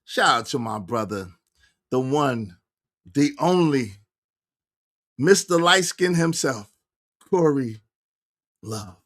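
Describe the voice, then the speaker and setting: A man hosting a casual livestream, talking loosely and jokingly, his voice going hoarse as he loses it. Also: slow, pauses often. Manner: animated, joking, shifts between low mumbles and loud bursts. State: losing his voice. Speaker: livestream host.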